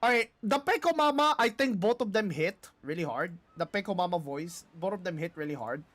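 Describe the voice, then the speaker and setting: A streamer reacting loosely and excitably during a live card game stream, swearing freely. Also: mid-range voice, brisk. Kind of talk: casual live-stream commentary.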